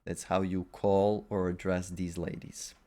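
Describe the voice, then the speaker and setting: A man's voice: sits low, level tone, measured pace, warm tone. A man teaching a language lesson, methodically going through word pairs with short asides. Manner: methodical, lists words in pairs with brief asides.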